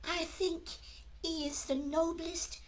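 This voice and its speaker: A prim, innocent young milkmaid in a comic operetta, speaking in a very high, melodramatic falsetto. She talks slowly and with great propriety, clinging to her duty. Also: little pitch movement, a little hiss or hum. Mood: earnest. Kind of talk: comic operetta dialogue, one-man performance. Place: his room at home.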